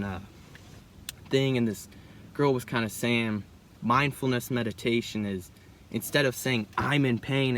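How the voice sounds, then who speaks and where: A young man thinks out loud in a loose, rambling way, often tossing in "bro" and "right?" as he goes. His voice sits at an ordinary middle pitch. A faint hiss runs under the recording. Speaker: vlogger. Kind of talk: casual reflective monologue.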